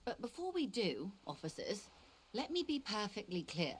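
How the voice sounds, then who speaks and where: A woman's voice: mid-range voice, big pitch swings, normal speed. An actress voicing a composed, formal woman negotiator in a video game. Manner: polite, crisp, composed.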